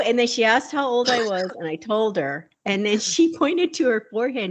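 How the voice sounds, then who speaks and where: A woman's voice: a little high, lively intonation, normal speed. A woman in her sixties, a podcast co-host chatting casually and telling a story, laughing often and acting out the people she quotes. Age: 60s. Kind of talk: casual chat.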